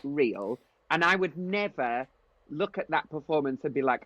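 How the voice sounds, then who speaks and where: A man's voice: on the high side, moderate pace, a bit bright, no room sound, highs cut off. A man with a Yorkshire accent co-hosting, asking long rambling questions in casual chat. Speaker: co-host.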